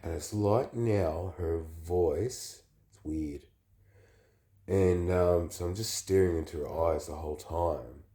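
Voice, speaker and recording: A man with the flu, telling a personal story in a halting, rambling, confessional way. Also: deep voice, dark tone. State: sick with the flu.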